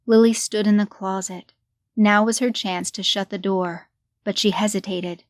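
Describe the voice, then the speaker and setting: A woman narrating a horror story in a measured, deliberate way. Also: mid-range voice, steady tone, no echo, clean studio sound.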